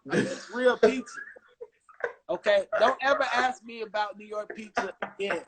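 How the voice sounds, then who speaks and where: A man from Chicago talking on a video call in a casual, animated, joking way and swearing freely. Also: sits high. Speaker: guest musician.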